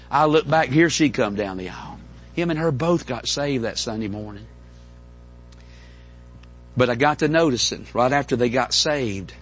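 Pastor, middle-aged, husky voice, folksy storytelling sermon with stammered restarts. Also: male voice, mid-range voice. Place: church in front of a congregation.

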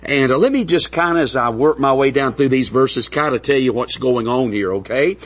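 A man's voice: medium pitch, moderate pace, breathy edge. A man preaching a sermon from the pulpit of a church, talking in a folksy, conversational way. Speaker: pastor. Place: church sanctuary.

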